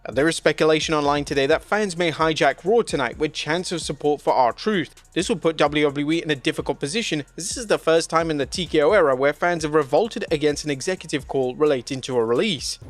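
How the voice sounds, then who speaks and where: A man reading scripted news narration in a steady, even reporting tone. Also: on the high side, brisk, hardly any pauses.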